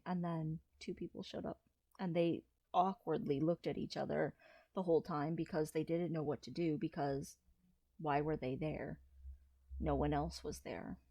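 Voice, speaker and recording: A trans man in his thirties, talking through a personal confessional vlog in a low-key, hesitant way with frequent restarts. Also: vocal fry, dark tone, dry recording. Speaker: vlogger.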